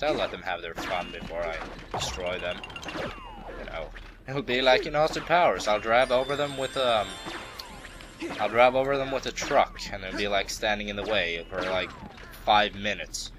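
A man's voice: on the low side, animated, normal speed, background noise. A young man giving casual, rambling commentary as a let's play host, full of playful jokes and asides. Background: game music.

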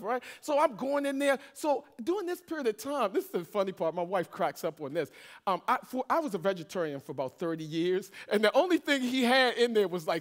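Man, middle-aged pastor, sermon testimony, high voice, lively joking storyteller. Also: fast talker. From Washington, D.C. area. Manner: animated storytelling, jokes with congregation.

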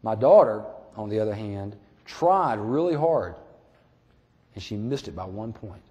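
A man voicing an eager, excited father phoning in to a radio show. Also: on the low side, unhurried, dull audio, voice pushed down. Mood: earnest. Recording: echoey hall.

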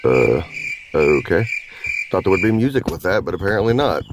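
A man's voice: low-pitched, sing-song, moderate pace, noisy background. A man hosting a gaming channel, giving goofy, crude gameplay commentary and slipping into silly voices. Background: game music and sounds.

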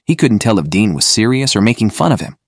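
A man narrating an audiobook in a steady, measured way. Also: on the low side, breathy edge, no echo, studio quality.

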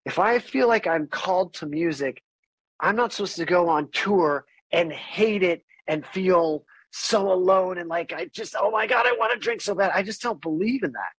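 A middle-aged man talking as a podcast guest and musician, candid and animated, swearing freely in casual conversation. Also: high-pitched, a little slow, no echo, poor audio.

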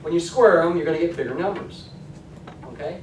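A man's voice: fairly high pitch, fairly quick, a little mellow, slight background noise. A male college statistics lecturer giving a classroom lecture, conversational and checking in with "okay?" often. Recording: echoey classroom from a distance.

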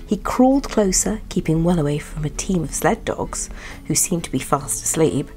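A woman reading a children's bedtime story aloud in a soft, partly whispered voice. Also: sits low, expressive, normal speed, faint music behind.

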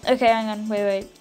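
A young woman giving excitable let's play commentary, bursting into squeals and shouts. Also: fairly high pitch. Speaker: gaming YouTuber.

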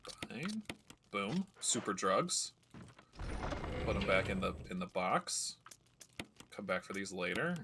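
A man's voice: low-pitched, sing-song, unhurried, pauses often, noisy background. A man streaming a video game, chatting casually and rambling through stories as he plays. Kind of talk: casual gameplay commentary.

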